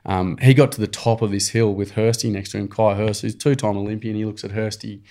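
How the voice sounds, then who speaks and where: A man's voice: on the low side, brisk. Australian man telling a blunt story. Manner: animated, blunt storyteller using slang. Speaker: guest, program founder. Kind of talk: casual storytelling chat.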